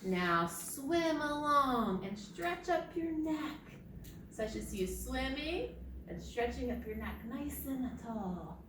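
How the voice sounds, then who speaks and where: A young woman runs a preschool storytime, her fairly high voice leaping with play. She talks slowly and gently, coaxing the children to join in. The sound is roomy and taken from a distance, with faint ambience behind. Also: lively intonation, a little hiss or hum. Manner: sing-song, leads children in bird sounds and movements. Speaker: children's librarian. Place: library. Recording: echoey room, distant mic, faint ambience.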